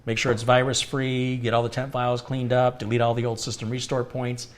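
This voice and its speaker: His mid-range voice moves little in pitch as this American man briskly hosts a live computer repair stream. He fields viewer questions and explains hardware with everyday analogies.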